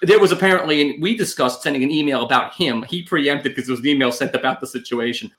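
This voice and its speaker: A man co-hosting a podcast, telling an anecdote in a casual chat with an animated, indignant manner. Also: medium pitch, fast talker. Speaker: podcast co-host.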